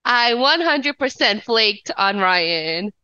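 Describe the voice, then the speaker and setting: A woman's voice: on the high side, expressive, slow pace, pushed and bright, clean tone, no echo. A woman co-hosting a podcast, chatting casually and poking fun at herself. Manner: chatty, self-mocking, laughs often. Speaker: podcast co-host. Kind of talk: casual chat. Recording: slightly dull, dry podcast audio.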